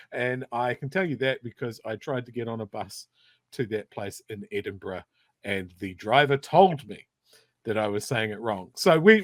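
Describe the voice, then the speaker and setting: A man from South Canterbury with a New Zealand accent, co-hosting a podcast and telling stories in a conversational, animated way. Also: mid-range voice, no echo. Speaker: podcast co-host. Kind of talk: casual chat.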